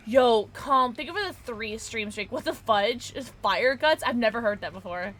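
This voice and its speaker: Lively, bright-voiced woman streamer. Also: on the high side, moderate pace, a little hiss or hum. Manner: excitable, gasping, chatty and joking; playful mock-polite teasing. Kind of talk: live gameplay commentary.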